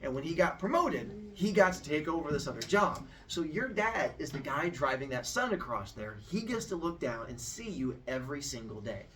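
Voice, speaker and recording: A man voicing a patient mother gently explaining things to her young son. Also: a little high, very animated, normal speed, hardly any pauses, recorded from a distance, slight background noise. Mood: coaxing.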